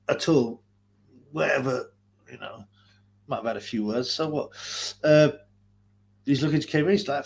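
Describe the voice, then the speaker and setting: A man ranting profanely on a live stream, mocking and laughing, his nose blocked so his breathing is heard. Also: fairly high pitch. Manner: abusive, mocking, laughing, mimics callers.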